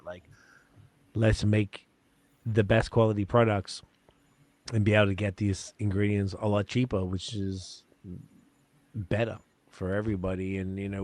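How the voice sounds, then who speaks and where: A man's voice: fairly low pitch, darkish tone. A man hosting a podcast, chatting casually and rambling with swearing and fillers. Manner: loose and profane, rambling with lots of fillers. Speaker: podcast host.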